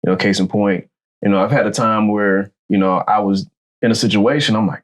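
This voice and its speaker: Dude cohosting a podcast, lowish voice, emphatic and slangy, really gets into it. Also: male voice, steady tone, brisk. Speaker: podcast co-host. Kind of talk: casual chat.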